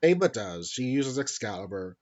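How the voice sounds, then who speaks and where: Recapping a story on his podcast, a man rambles and self-corrects casually, with some swearing. He's very animated at normal speed, his mid-range voice darkish in tone, captured with dull lo-fi quality.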